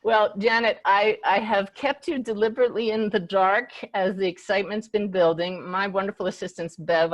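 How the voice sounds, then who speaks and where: A middle-aged woman hosts a live online gathering as a medium, retelling events with quoted exchanges. Her voice sits a bit low, and the sound is close and dry, with almost no room echo. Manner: enthusiastic, storytelling with quoted dialogue. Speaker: spiritual medium and host. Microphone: video call.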